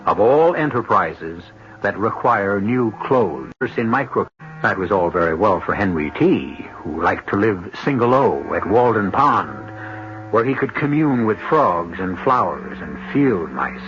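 An older man hosting a radio mystery drama, narrating in a measured, wry manner with dramatic pauses. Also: fairly low pitch, big pitch swings, a bit bright, slight background noise. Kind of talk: scripted narration. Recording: dull lo-fi old radio broadcast with music.

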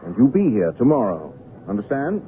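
A man's voice: medium pitch, big pitch swings, a little fast, a little hiss or hum, lightly acted. An actor playing a brusque, commanding male artist in an old radio drama. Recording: tinny lo-fi old radio recording.

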